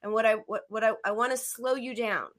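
Bright, firm woman coach. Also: a little high, fairly even intonation, fairly quick. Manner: firm, interrupting, demonstrative. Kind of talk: live coaching session.

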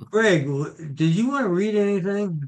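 A male host greeting listeners back in an easy, upbeat way. His voice sits notably high for a man. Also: expressive, slow. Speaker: show host. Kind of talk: casual chat.

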